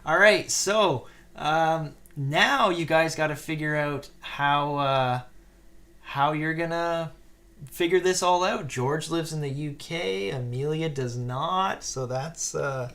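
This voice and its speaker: A man's voice: a little high, slow pace, a bit bright. A man hosting a casual live stream, chatting and reading viewer comments aloud while he builds a set. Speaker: live-stream host building Lego sets.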